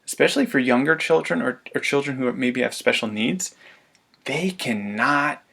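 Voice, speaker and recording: Gravelly-voiced man coaching parents. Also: mid-range voice, moderate pace. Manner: lively, laughs often, acts out parent demands. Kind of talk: webinar presentation.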